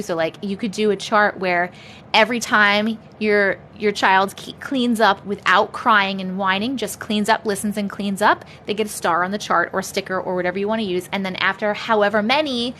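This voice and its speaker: A woman's voice: mid-range voice, a bit bright, a little hiss or hum. A young adult woman hosting a casual livestream chat from home, chatty, laughing often and swearing freely. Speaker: livestream host.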